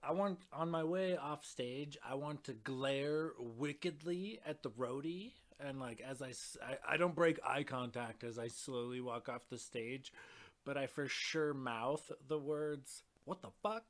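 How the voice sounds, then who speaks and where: Man, tabletop player, casual, swears a lot, laughing, quiet mic. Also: medium pitch, measured pace. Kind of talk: tabletop game play over voice chat. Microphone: new mic set too quiet.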